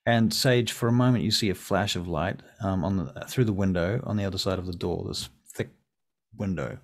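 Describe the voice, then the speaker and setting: Low-voiced man running a tabletop game. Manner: casual, halting narration with many ums and restarts. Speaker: game master. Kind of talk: narrating a tabletop horror game.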